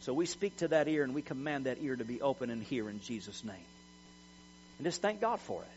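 A man's voice: mid-range voice, expressive, brisk, a little mellow. A middle-aged man preaching a sermon in an emphatic, folksy way, repeating words as he tells personal stories. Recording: dull lo-fi recording with mains hum.

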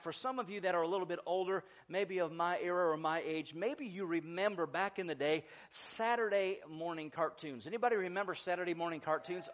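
A middle-aged man preaching a sermon, chatty and animated, telling stories with laughter and many restarts. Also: high voice. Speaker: pastor.

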